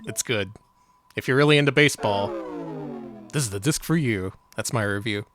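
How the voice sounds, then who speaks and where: A man's voice: fairly low pitch, normal speed, music in the background. A man co-hosting a retro game stream, chatting casually and making dry jokes. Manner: wry, joking, often laughing. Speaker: stream co-host. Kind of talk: casual chat. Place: home stream setup.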